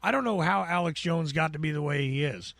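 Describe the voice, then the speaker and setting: An American man with a raspy, buzzing voice sits in on a podcast, pitched somewhat high for a man. He rambles and pokes fun at himself, stumbling over restarts. The sound is dry and close. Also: a little fast, fairly bright tone, dry recording. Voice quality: gravelly, buzzing voice. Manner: rambling, self-deprecating, with stammered restarts. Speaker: podcast guest. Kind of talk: casual chat.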